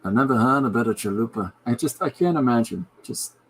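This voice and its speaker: A man's voice: mid-range voice, lively intonation, brisk, husky. A man hosting his own podcast, chatting casually and jokily while he draws a comic. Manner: rambling, jokey asides. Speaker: podcast host and comic artist. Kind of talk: casual chat while drawing.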